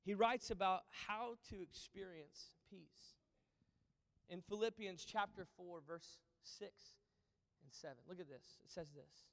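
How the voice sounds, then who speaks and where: High-voiced preaching man in a big hall. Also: unhurried. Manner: swings from loud preaching to hushed near-whispers. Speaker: pastor. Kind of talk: sermon. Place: church auditorium. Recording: long reverb of a large hall.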